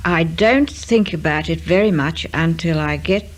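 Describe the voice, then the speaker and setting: An older woman, a radio serial writer, talking in an unhurried way with frequent ums and uhs. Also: deep voice, background noise. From Australia. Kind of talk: relaxed interview and dictation.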